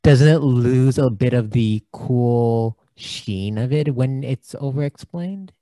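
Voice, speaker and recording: A man's voice: mid-range voice, slow pace, warm tone, no room sound. A man co-hosting a film podcast in a casual chat. He is jokey and stumbles over his words. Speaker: podcast co-host. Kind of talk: casual movie discussion.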